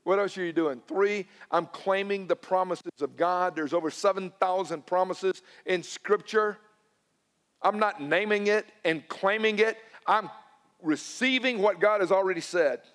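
A male pastor, preaching a sermon and swinging between loud emphatic lines and hushed, personal ones. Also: high voice, a little slow, long reverb tail. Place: church sanctuary.

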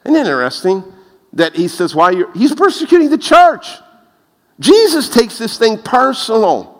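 A man preaching a lively sermon, telling stories and laughing at his own jokes. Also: a little slow. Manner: animated, laughs at his own jokes, rises in pitch when excited. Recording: long reverb of a large hall.

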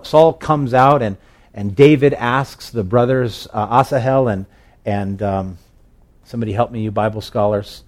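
A man's voice: mid-range voice, a little mellow. A male pastor preaching a sermon in a conversational storytelling way, with fillers and restarts.

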